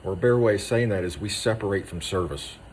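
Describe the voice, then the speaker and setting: A male veteran with a low-pitched voice delivers a raw, intense monologue. He hammers short phrases over and over and often sinks into a hushed tone. Faint noise sits under the recording. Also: fast talker. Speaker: Army veteran speaking on moral injury.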